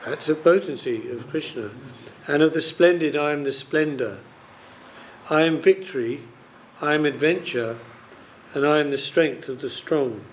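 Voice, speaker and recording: A man's voice: a little high, moderate pace, a little hiss or hum. A man leading a scripture study group, explaining verses casually with many fillers. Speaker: class leader.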